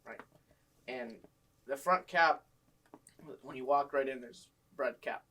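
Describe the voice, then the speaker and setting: A man's voice: mid-range voice, slow pace, pushed and bright, poor audio. A young man casually telling work stories, acting out a boss and customers in a raised voice. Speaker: storyteller guest. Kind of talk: casual chat.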